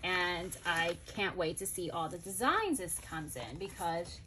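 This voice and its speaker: A woman's voice: lowish voice, animated, a little slow, heavy background noise. A woman chatting casually and gushing over planners as she shows them off, thinking aloud as she goes. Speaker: planner vlogger. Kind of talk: casual product haul chat.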